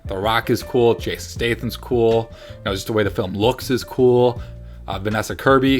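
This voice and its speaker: A man in a relaxed movie-review chat, his voice sitting at an ordinary middle pitch. He talks eagerly and rambles, circling back and restarting his sentences. Faint music hums underneath. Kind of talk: casual chat.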